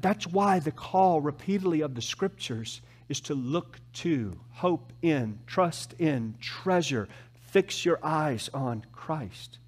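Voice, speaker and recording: A man preaching a sermon as pastor, with emphatic rises and soft, slow, drawn-out drops. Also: on the high side, husky. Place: church.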